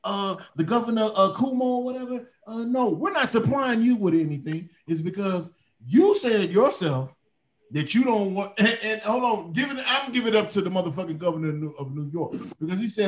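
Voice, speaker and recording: A man's voice: high voice, expressive, a little fast. A man with a Chicago accent hosting a casual podcast, rowdy and profane, laughing and talking like he's drunk. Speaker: podcast host. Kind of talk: loud casual banter.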